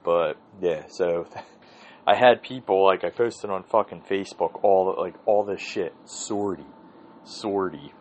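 A man's voice: low voice, a little slow, a little mellow, slight background noise, poor audio. A man hosting his own podcast, telling a rambling, profane story in a casual solo monologue. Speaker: podcast host.

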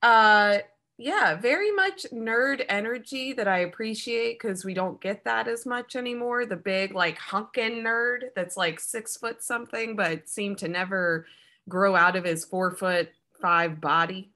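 Bright-voiced woman riffing on a film. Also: mid-range voice, unhurried. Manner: playful deadpan riffing, frequent laughs. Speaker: podcast co-host. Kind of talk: casual comedic film review chat.

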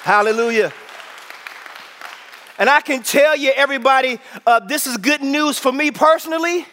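A man preaching a sermon to a congregation, calling out for responses and often shouting with excitement. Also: extremely high pitch, normal speed, a faint crowd. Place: church with audience. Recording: long hall reverb.

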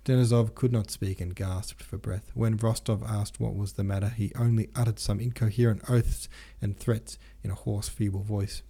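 A man narrating an audiobook of a classic novel in a steady, plain reading. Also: fairly low pitch, normal speed, hardly any pauses, breathy edge.

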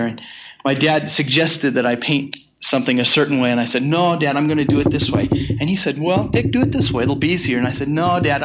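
A man's voice: fairly high pitch, a bit bright. A man in his sixties teaching a sermon series, earnest and personal, often restarting his sentences as he tells stories. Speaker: Bible teacher.

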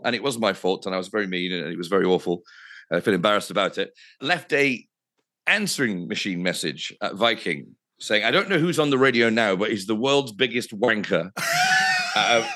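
A man's voice: on the low side, bright, forceful tone. A man, a radio presenter telling anecdotes casually, swearing freely and laughing at himself. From England.

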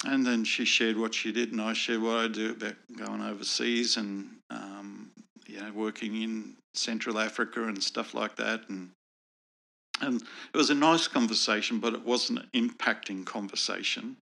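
A man with a gravelly low voice, telling a personal faith story to an interviewer. His tone is earnest and reflective, with a bright, forward edge to his voice. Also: steady tone, moderate pace. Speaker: guest sharing personal testimony.

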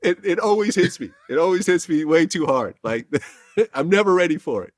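A man's voice: a little high, animated, normal speed, no room sound. A man reacting amusedly in casual chat.

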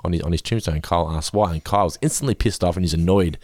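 A man hosting a podcast, giggling often and slipping into animated impressions as he recaps an episode. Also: deep voice, quick pace, dry recording. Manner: giggly, jumps into animated impressions when quoting. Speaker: podcast host. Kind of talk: casual recap chat.

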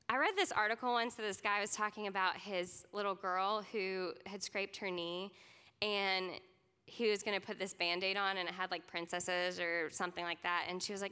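A woman's voice: mid-range voice, bright, forceful tone, clean tone, in a large hall. A young woman teaching a class in a casual, earnest way, leaning on lots of "like" fillers. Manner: earnest, chatty, many "like" fillers. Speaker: speaker teaching a youth ministry class. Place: conference classroom or hall.

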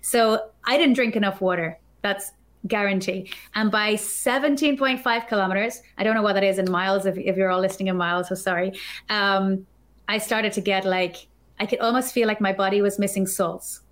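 A woman guest on a podcast, telling a story in an animated, chatty way, full of filler words. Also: mid-range voice, fairly quick. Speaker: podcast guest, developer advocate. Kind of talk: casual storytelling chat.

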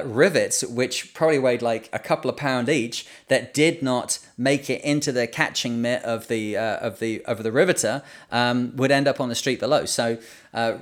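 A man hosting a solo podcast, talking in a rambling, conversational way with lots of fillers and restarts. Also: medium pitch. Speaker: podcast host. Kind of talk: solo educational podcast talk.

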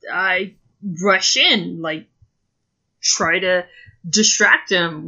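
A woman's voice: on the low side, expressive, very slow, long pauses, bright, forceful tone, highs cut off. A woman playing a tabletop game, describing her character's actions casually in first person with lots of fillers. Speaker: player.

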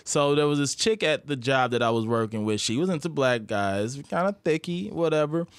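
A man's voice: medium pitch, moderate pace, smooth, no echo. A young man from St. Louis, a comedian telling wild stories in casual chat, laughing often and acting out what people said. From St. Louis, USA. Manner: animated, laughs often, acts out quotes. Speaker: guest comedian. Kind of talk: casual storytelling.

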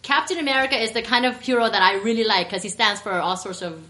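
Bright, chatty woman co-host. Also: mid-range voice, quick pace. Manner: chatty and upbeat, laughs often. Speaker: podcast co-host. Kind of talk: casual chat.

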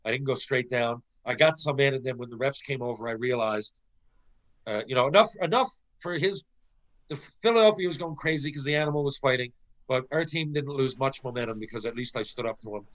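A man's voice: mid-range voice, a little fast, highs cut off. A middle-aged Canadian man, a former pro hockey player, telling a casual anecdote with plenty of swearing and acted-out quotes. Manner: animated, profane storyteller who acts out quotes.

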